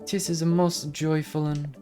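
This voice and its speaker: A man's voice: a little high, flat delivery, a little slow, warm tone, faint music behind, pitched above the performer's own voice, lightly acted. A man voicing a bouncy, ancient female fairy in a put-on Irish accent, with dreamy, garbled, old-fashioned phrasing. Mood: tender. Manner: lilting, garbled archaic phrasing.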